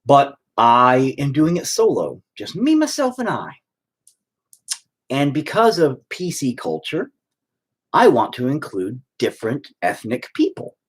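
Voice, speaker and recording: Husky man on a rambling profane rant. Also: mid-range voice, big pitch swings, measured pace. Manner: rambling, profane, stop-start. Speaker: vlogger. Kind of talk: ranting monologue.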